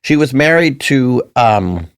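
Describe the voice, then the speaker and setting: A man's voice: mid-range voice, lively intonation, slow, clean tone, dry recording, studio quality. A man co-hosting a podcast, telling rambling anecdotes in casual chat and swearing now and then. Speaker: podcast co-host.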